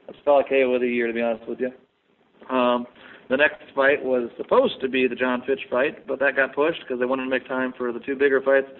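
A man recapping fights in a loose, chatty podcast, breaking into laughter and putting on brief joking voices for the people he talks about. His voice sits at an ordinary pitch for a man. The audio is thin and tinny, like a phone line. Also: flat delivery. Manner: laughs often, does quick mock impressions. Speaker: podcast co-host. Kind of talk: casual fight recap chat.

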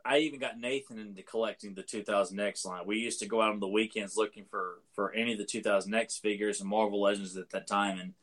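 A man chatting as a podcast co-host, blunt and prone to swearing, telling excitable anecdotes. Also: fairly low pitch, fast talker, hardly any pauses. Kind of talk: casual chat about toy collecting.

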